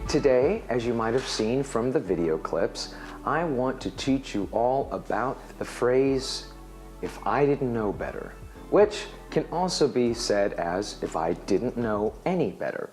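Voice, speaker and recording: A man teaching an English phrase in a video lesson, his pitch swinging up and down as he talks. He explains things lively and jumps into acted-out example lines. His voice sits in a middle register. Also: unhurried, soft background music. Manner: animated, acts out example dialogues.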